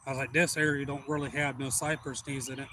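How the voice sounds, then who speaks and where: Bright-voiced man telling a fishing story. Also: mid-range voice, quick pace, a little hiss or hum, poor audio. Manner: rambling, folksy, gets loud and excited. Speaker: fishing livestream host. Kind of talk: casual storytelling on a livestream.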